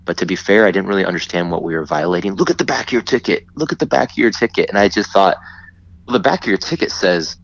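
A man telling a story in casual chat, animated and often laughing as he acts out what others said. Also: low-pitched, fast, vocal fry. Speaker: guest. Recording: dull lo-fi sound.

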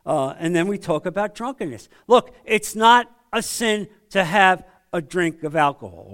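A man's voice: high-pitched, animated, moderate pace, hardly any pauses, fairly bright tone, smooth. A man leading a men's Bible study, teaching in a conversational way and often asking the group rhetorical questions.

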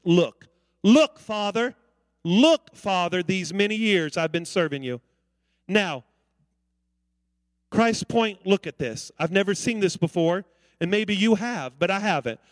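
A man with a high voice preaches a sermon as a pastor, calling out to the congregation for responses. The recording has no room sound.

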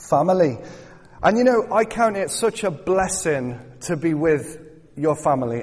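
A man preaching a sermon as a guest speaker in a church, chatty and joking, rising into fervent appeals to the congregation. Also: a little high. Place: church hall. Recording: long hall reverb.

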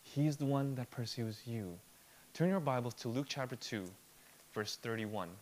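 A pastor delivers a sermon with earnest emphasis, his voice at medium pitch. He sinks into a soft, slow, almost whispered delivery, then builds back up to stress his points.

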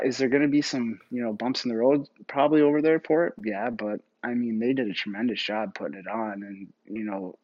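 A man, a former hockey goalie, answering interview questions in a relaxed way, filling his speech with "like" and "you know". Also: fairly low pitch, muffled recording. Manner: relaxed, filler-heavy with frequent "like". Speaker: retired hockey goalie, guest.

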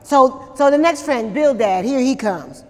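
Woman pastor, slow deliberate preaching, slightly high voice, reverberant hall sound. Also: lively intonation. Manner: conversational preaching with many repeated words and questions to the congregation. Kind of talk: sermon. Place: church during a service.

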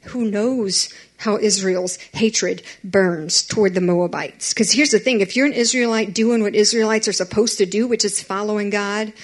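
A young woman, giving a chatty, animated youth sermon and talking straight to teenagers. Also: medium pitch. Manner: chatty and animated, addressing teens directly.

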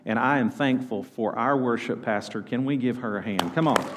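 A male pastor with a mid-range voice preaches at a normal speed, urging the congregation to call back to him. The recording, made in a church sanctuary, has long hall reverb and heavy background noise.

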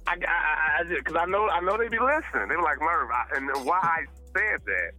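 Animated bright-voiced man on a podcast. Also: fairly high pitch, a little fast, faint music behind, low-quality recording. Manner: animated, talks in bursts with repeated starts. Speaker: podcast guest. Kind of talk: casual podcast chat.

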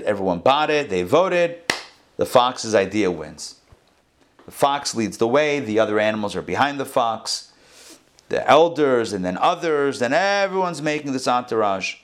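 A man telling a parable to a class in an animated storytelling sermon, acting out the animals' voices. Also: mid-range voice. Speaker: rabbi teaching a class.

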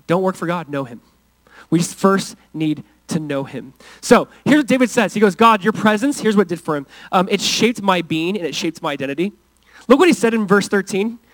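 A man with an American accent preaching a sermon as pastor, earnest, moving between intense and hushed, intimate passages. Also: fairly high pitch, dry recording, rough recording.

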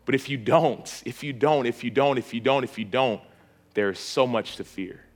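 A man of middle pitch leads an altar call from the front of a church auditorium. He builds his appeal through insistent, pleading repetition. Soft music plays faintly behind him. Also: moderate pace. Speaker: preacher.

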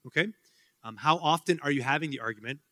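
A man's voice: on the high side, fast talker, pushed and bright. A man giving a casual Q&A talk to students, rambling with many fillers and joking asides. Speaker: speaker answering student questions. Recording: hall with long reverb.

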